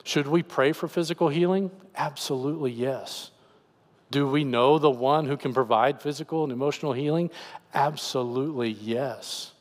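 A man's voice: mid-range voice, moderate pace, in a large hall. A man preaching as pastor, earnestly explaining scripture in a conversational voice. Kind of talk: sermon. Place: church sanctuary.

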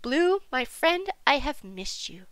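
A woman voicing a kind, fancy female giant wolf who greets friends warmly and effusively. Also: high voice, sing-song, takes it slowly, dry recording, pitched above the performer's own voice, heavily acted. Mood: fond.

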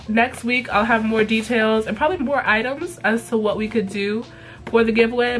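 A young woman with a stuffy, congested voice talks straight to camera in a loose, unscripted vlog. She is blunt and animated, swearing casually as she chats with her viewers. Soft music runs faintly underneath. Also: on the high side. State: congested from illness. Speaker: YouTube vlogger.

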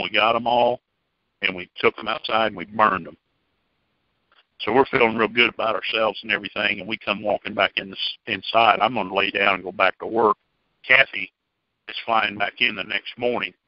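Low-voiced man telling his testimony. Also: no echo. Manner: folksy, plainspoken storytelling. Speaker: church member giving testimony. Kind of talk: personal testimony told to a group. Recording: dull, dry lo-fi recording.

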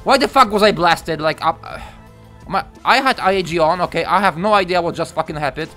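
A young man giving live gameplay commentary, excitable and profane, breaking into yelps and shouts. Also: fairly high pitch, a little fast, soft background music.

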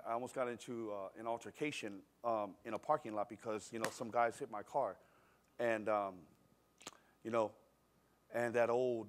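A middle-aged man preaching a sermon in a church service, telling a personal story in a conversational, animated way and swinging between quiet and loud. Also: mid-range voice, a little hiss or hum. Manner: animated, conversational, acts out scenes with shifting loudness. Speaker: pastor.

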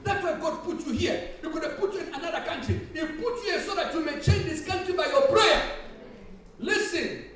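High-voiced man preaching in an echoey hall. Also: brisk. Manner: preaching with rising shouts and laughter, repeating phrases. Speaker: pastor. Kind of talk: sermon. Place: church hall. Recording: echoey church hall from far off, faint hiss.

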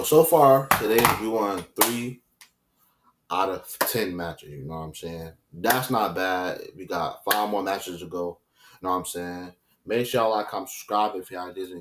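A young man, hosting a gameplay channel, trash-talking opponents and shouting when matches heat up. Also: low-pitched, normal speed, noisy background. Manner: excitable trash talk, shouts and taunts when fighting. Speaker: gaming channel host. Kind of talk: gameplay commentary.

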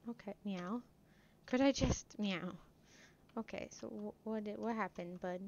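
A woman's voice: medium pitch, unhurried, creaky, darkish tone. A woman casually commenting on a game she plays, chatty and playful, reading the dialogue aloud as she goes. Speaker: gamer. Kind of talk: casual let's-play commentary. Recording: dull lo-fi, faint noise.

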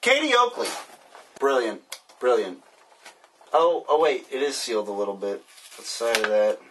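A man's voice: medium pitch, very animated, moderate pace, a bit bright. A man hosting a casual mail-opening vlog, joking and rambling sarcastically as he opens packages. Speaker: vlogger. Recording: distant mic, faint hiss.

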